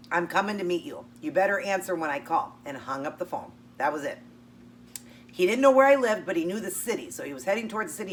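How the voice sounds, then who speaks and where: A woman vlogger chattily telling a personal story while eating, acting out both sides of the conversation. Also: lowish voice. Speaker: keto vlogger. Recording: distant mic with faint hum.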